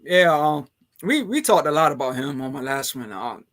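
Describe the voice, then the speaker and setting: A man's voice: on the high side, sing-song, normal speed, a bit bright. A man hosting a casual podcast chat who rambles along, filling his talk with "man" and "you know". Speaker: podcast host.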